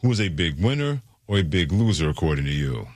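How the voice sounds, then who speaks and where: A male sports radio host talking in a brisk, emphatic and playful way on a studio mic. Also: low-pitched, big pitch swings, no room sound.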